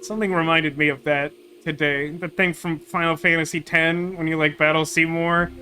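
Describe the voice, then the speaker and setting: Bright-voiced wry game streamer, a man. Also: a little high, level tone, brisk. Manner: wry, rambling, with many "like"s. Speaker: gaming streamer. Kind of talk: casual game commentary. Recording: game music playing faintly behind.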